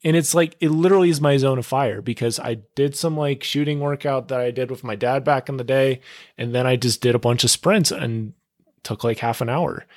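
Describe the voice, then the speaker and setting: Excitable young man, dry close sound. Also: medium pitch, fairly quick, no room sound. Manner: excitable, upbeat, full of filler words and "dude". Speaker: podcast host. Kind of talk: casual solo podcast monologue.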